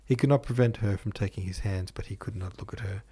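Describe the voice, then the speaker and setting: A man narrating a classic novel as an audiobook host, in a measured, even storytelling manner. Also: lowish voice, husky. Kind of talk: scripted literary narration.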